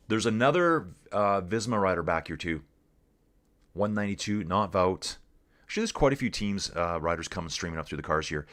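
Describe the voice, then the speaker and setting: A Canadian man hosts a casual live cycling stream, reading viewer comments aloud and chatting in a laid-back way while calling everyone "dude." His voice is lowish and a bit bright.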